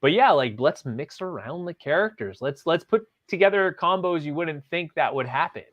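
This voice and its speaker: A man's voice: a little high, lively intonation, normal speed, muffled recording, noisy background. A man hosting a podcast in casual chat, rambling and leaning on filler words as he talks through his thoughts. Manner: rambling, leans on "like" and "literally". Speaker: podcast host.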